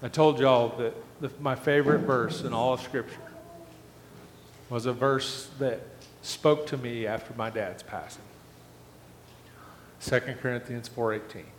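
A man's voice: mid-range voice, a little slow, a little hiss or hum. Man, sermon, earnest, rhetorical questions, roomy echo. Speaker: pastor. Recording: echoey hall with faint ambience.

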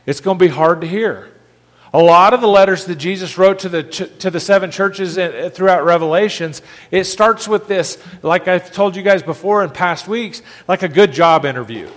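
A pastor delivers a conversational sermon, his high-pitched voice carrying through a church with a long reverb. He keeps restarting his phrases and then builds toward emphatic points. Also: normal speed. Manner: conversational preaching with frequent restarts and rising emphasis.

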